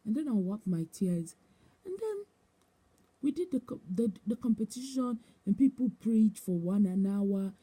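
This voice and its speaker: A woman's voice: medium pitch, lively intonation, unhurried, warm tone, breathy edge. A woman giving a personal testimony, telling her story with emotion and repetition and acting out the voices of others. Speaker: testimony speaker.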